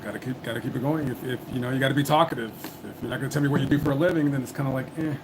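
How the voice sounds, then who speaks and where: A man's voice: medium pitch, racing, noisy background. A man hosting a live call-in stream, talking bluntly and cursing often. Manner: blunt, profane, impatient. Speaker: livestream host taking calls. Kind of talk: casual live call-in chat.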